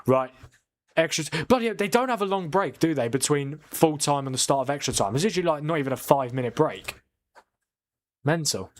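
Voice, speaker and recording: This watchalong streamer has a higher-pitched male voice and a brisk delivery. He hosts a live football watchalong, chatting with viewers, reading and answering their comments, and reacting excitably to incidents as the match plays.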